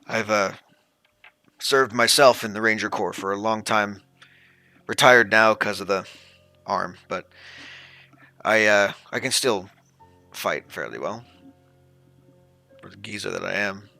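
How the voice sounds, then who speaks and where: A man's voice: lowish voice, measured pace, gravelly, long pauses, pushed and bright, dry recording, soft background music, heavily acted. Man as a mid-thirties ex-ranger trainer: hesitant drawl, dry close sound. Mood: gruff. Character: retired male ranger fight-master, mid-thirties, gruff.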